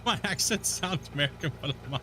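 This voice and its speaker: A man's voice: a little high, animated, fairly quick, noisy background. A young man casually chatting while he streams a game, laid-back and laughing at himself, cursing freely. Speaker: gaming streamer. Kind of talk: casual live-stream chat while playing.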